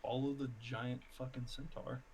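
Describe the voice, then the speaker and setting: A man's voice: medium pitch, level tone, normal speed, darkish tone, slight background noise. A male player in a casual tabletop role-play, wry in tone.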